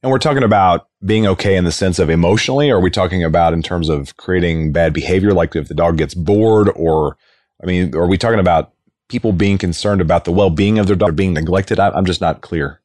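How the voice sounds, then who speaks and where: A man's voice: low voice, fairly quick, darkish tone, dry recording, studio quality. A man hosting a podcast who reads an upbeat scripted intro and then asks probing questions in casual chat. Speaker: podcast co-host.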